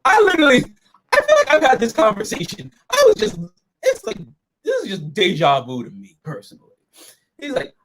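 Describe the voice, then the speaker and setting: Animated, profane man chatting casually. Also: very high voice, a little fast, a little hiss or hum. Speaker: show host reviewing episodes. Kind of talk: casual review chat.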